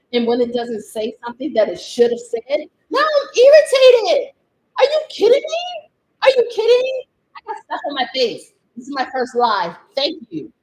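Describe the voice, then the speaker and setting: A woman's voice: mid-range voice, a little mellow, a little hiss or hum, low-quality recording. Exasperated, laughing woman on a live stream. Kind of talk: unscripted live stream chat. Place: at home.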